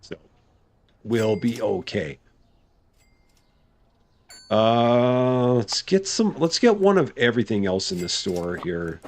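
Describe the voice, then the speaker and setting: Brief: male game streamer, relaxed live commentary, very lively pitch swings. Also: slow, long pauses. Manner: chatty, thinking aloud, good-humored. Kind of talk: casual live gameplay commentary.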